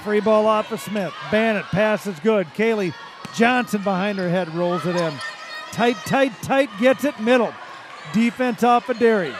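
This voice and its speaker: A man doing play-by-play of a high school volleyball match, calling plays quickly and shouting on big points. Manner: rapid calls that rise to shouts at big plays. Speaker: play-by-play announcer. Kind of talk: volleyball commentary. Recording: loud crowd and gym noise.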